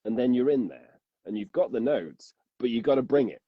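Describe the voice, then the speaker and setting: A man's voice: mid-range voice, expressive, brisk, breathy edge, dry recording, lo-fi sound. A man, a narrator and podcast guest, talking casually and rambling, restarting sentences and laughing often.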